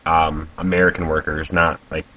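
A man's voice: very deep voice, level tone, normal speed, distant mic, lo-fi sound. A man guesting on a podcast in easygoing casual chat, chuckling often.

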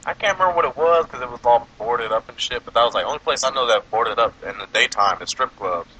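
Male host, animated storyteller, bright tone, eating as he talks. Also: medium pitch, fast, slight background noise, low-quality recording. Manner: animated storytelling, laughs a lot. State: eating while talking. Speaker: podcast host. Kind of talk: casual chat.

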